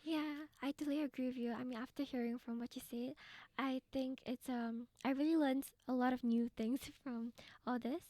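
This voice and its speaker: A woman from Singapore asks a guest prepared questions in a polite, even manner. Her voice sits a little high and sounds mellow. The recording is dry, with no room echo. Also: moderate pace, few pauses. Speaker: interviewer. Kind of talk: interview questions.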